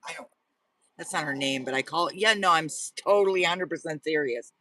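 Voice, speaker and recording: Speaking a little high and fairly quick, with a pushed, bright sound, a man streams live at night from the car he lives in. He rambles and repeats himself while answering viewers in the chat. The recording has no echo but is taken from a distance.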